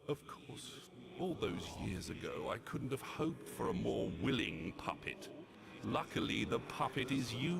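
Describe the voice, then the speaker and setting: A gravelly demon villain. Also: male voice, mid-range voice, background noise. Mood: boastful. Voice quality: gravelly, creaky. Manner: slow, theatrical, sneering. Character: sinister ancient demon villain, gloating and mocking.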